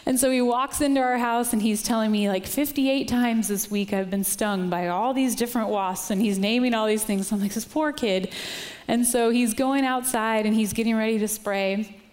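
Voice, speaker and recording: A woman's voice: a little high, fairly even intonation, moderate pace, darkish tone. A woman worship leader giving a sermon, telling a personal story in a chatty way with lots of "like" and some laughs. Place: church sanctuary. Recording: long reverb of a church hall.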